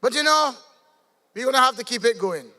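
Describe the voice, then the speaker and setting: A Barbadian man from Barbados giving a measured, pointed political rally speech. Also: extremely high pitch, expressive, pushed and bright, in a large hall. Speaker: political candidate.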